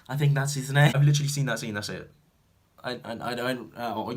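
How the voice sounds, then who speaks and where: Young British man, casual vlog chatter, rambling and filler-heavy, mid-range voice that flips between loud bursts and low mumbles. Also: fairly even intonation, fast talker. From Britain. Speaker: vlogger. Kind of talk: casual chat to camera.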